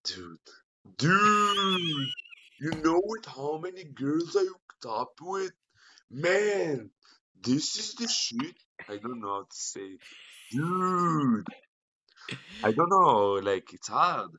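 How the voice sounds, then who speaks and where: An Israeli man doing a shouty American bro. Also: a little high, animated, takes it slowly, a little hiss or hum, pitched above the performer's own voice, full character voice, rough recording. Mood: bragging. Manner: shouty, bragging, trailing off. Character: loud excitable young American bro, adult man. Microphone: video call.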